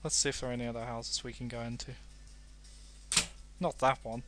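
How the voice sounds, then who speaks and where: A man's voice: mid-range voice, flat delivery, a little fast, over music. A young British man casually commentating a game, playful and self-mocking. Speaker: let's play host.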